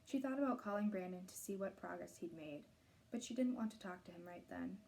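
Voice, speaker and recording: Woman reading a novel chapter aloud, mellow voice, steady and clear. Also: mid-range voice, fairly quick. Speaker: reader of a novel.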